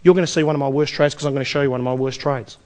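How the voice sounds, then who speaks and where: A man's voice: mid-range voice, fairly even intonation, rapid-fire, darkish tone. A man with an Australian accent giving a live investment seminar, energetically quizzing the audience with rhetorical questions. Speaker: seminar presenter.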